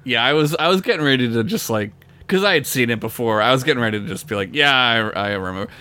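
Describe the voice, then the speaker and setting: A man with a bright, tense-edged voice chatting on a podcast. His pitch moves widely as he talks, and he swears casually, mixing in laughter. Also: very fast. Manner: expressive, laughs often, swears freely. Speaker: podcast co-host. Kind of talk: casual chat about a TV episode.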